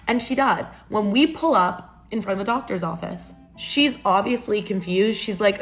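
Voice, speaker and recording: A young adult woman narrates a personal drama, full of sarcastic asides and dramatic emphasis. Her voice sits at a moderate pitch, and soft music plays faintly behind her. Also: expressive, normal speed, few pauses. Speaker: storytime narrator. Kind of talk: storytime narration for social video.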